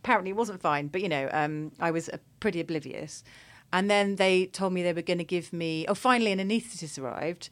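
A woman from England telling a candid, animated story in casual chat, often laughing. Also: on the low side, fast talker. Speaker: guest.

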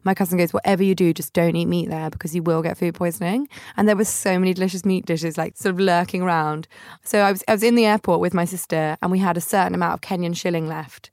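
A woman's voice: on the low side, steady tone, fast talker, darkish tone, no room sound, clean studio sound. A young woman hosting a podcast, telling funny travel stories in a chatty, self-mocking way and putting on family members' voices. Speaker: podcast host. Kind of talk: casual storytelling monologue.

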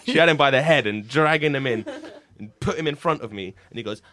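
A man's voice: medium pitch, quick pace. A man co-hosting a comedy podcast, telling stories in casual chat with swearing and laughter. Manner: animated storyteller, swearing, laughing.

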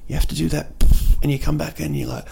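Kiwi-male comic host, mellow gravelly voice, loose rambling delivery full of restarts. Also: on the high side, little pitch movement, fast talker, a little hiss or hum. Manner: rambling and jokey, with many restarts and fillers. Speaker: podcast host and comedian. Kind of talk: casual comic monologue. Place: indoors at night in a city.

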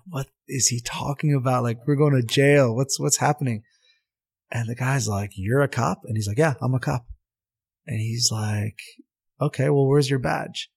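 A man in his thirties tells an old locker-room story in a casual interview, acting out the people in it. His voice is gravelly and husky, at a middle pitch. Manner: animated, laughs at his own story, acts out quotes. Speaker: guest, assistant soccer coach and former pro player.

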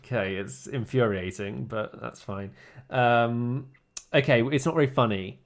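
This is a man co-hosting a casual podcast. He teases his co-host with a dry, deadpan edge and keeps the chat rolling. His voice sits at a middling pitch. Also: measured pace, vocal fry. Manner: teasing, dry. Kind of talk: casual banter.

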